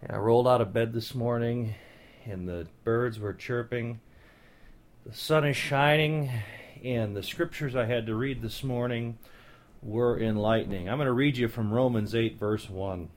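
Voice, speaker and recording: A man's voice: mid-range voice, normal speed. Emphatic man preaching from scripture. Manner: emphatic, repeats key phrases; conversational asides and fillers. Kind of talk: Bible teaching sermon.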